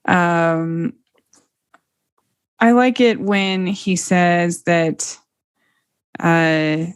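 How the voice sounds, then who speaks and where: A woman's voice: lowish voice, fairly even intonation, extremely slow, clear, resonant tone. Thoughtful woman guest on a podcast. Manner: thoughtful, hesitant with restarts. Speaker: podcast guest, movie reviewer. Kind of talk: casual chat.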